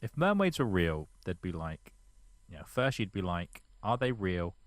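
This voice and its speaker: A man co-hosting a podcast in casual chat, deadpan and sweary, spinning jokey mock scenarios. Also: deep voice, normal speed, dry recording. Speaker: podcast co-host.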